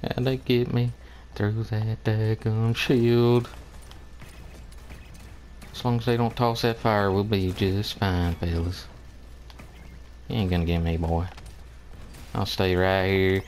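A man with a drawl talks slowly through his gameplay, his voice sitting on the low side. He sounds exasperated as he keeps pleading with his teammates. A faint hiss runs under the headset recording. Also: a little mellow. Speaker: gamer. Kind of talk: gameplay commentary.

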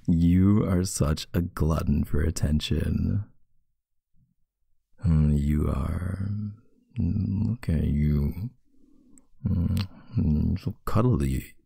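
Low, gravelly man in whispered role-play. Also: dry recording, clean studio sound. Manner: playful teasing, soft and intimate. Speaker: boyfriend role-play voice actor.

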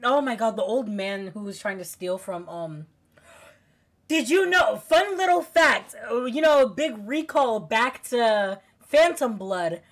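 A young woman streaming a game, chatting casually with her viewers, excitable, giggly and quick to swear. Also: on the high side. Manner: excitable, giggly, swears freely, talks to chat. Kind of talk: casual let's-play commentary.

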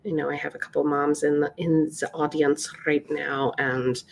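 A woman's voice: deep voice, a little slow, hardly any pauses. A woman teaching a live watercolor class, chatty and upbeat, with lots of fillers. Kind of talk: live painting tutorial.

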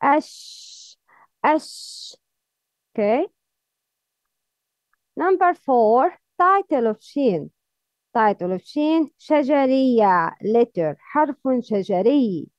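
Slow, high-voiced woman teaching letter sounds. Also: very animated, a little mellow, dry recording. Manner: demonstrates sounds by repeating them, then corrects wrong versions. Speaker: Quran recitation teacher. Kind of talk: slow pronunciation lesson.

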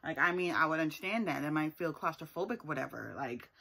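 A TV show reviewer with a low, husky, expressive voice talks fairly quickly, with vocal fry and a pushed, bright tone. She gives a casual, sassy recap of a reality TV episode, hammering her points home with emphatic asides and often tagging them with "okay?"

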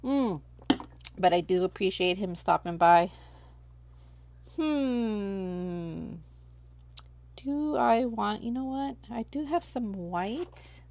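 A woman's voice: mid-range voice, creaky, a little mellow, a little hiss or hum. A woman hosting a crafting livestream, chatting casually with viewers and thinking aloud while she works. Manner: chatty, talks to herself while working, reads chat aloud.

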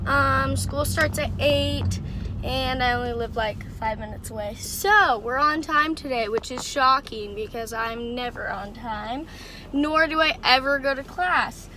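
A woman's voice: sits high, bright, forceful tone, slight background noise. A teenage girl chatting casually in a vlog, swearing a lot, filmed on a phone in her car. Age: teens. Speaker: vlogger. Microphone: phone camera.

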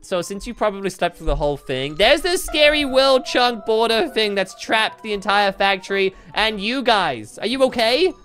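A woman hosting a Minecraft roleplay, bubbly and excitable, often laughing between lines. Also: mid-range voice, moderate pace, few pauses, soft background music. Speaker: host.

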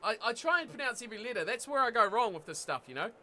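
A man with a New Zealand accent giving excitable live commentary while playing a rugby video game, often yelling at the screen. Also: very high voice, fast talker. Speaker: gaming YouTuber.

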